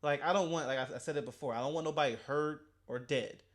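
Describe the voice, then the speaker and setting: A man hosting a reaction video, talking back at the clip in an animated, casual way and often stumbling and restarting his sentences. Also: on the high side, fast.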